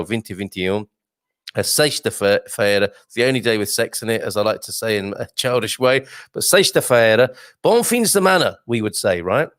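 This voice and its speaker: A man hosts a casual morning live stream, rambling cheerfully through viewer comments with plenty of fillers and restarts. His mid-pitched voice has a gravelly edge. The sound is close and dry, with no room around it. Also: no echo. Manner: chatty, self-amused, with many fillers and restarts.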